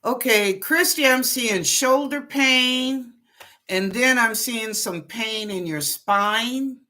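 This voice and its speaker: Bright-voiced woman hosting psychic readings. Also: fairly high pitch, takes it slowly. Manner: greets viewers by name, chatty and warm-toned. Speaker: psychic reader and show host. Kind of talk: casual live-stream chat and readings.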